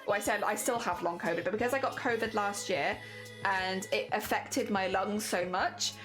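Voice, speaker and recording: A woman streamer in casual live-stream chat with a high-pitched voice, chatty and self-deprecating, often giggling. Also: moderate pace, fairly bright tone, soft background music.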